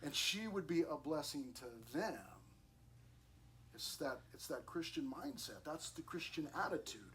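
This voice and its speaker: Middle-aged guy preaching at youth night, kinda high voice, earnest and chatty, repeats words a lot. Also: expressive, a little slow, a bit bright, slight background noise. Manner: earnest, conversational, repeats words when restarting. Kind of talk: sermon.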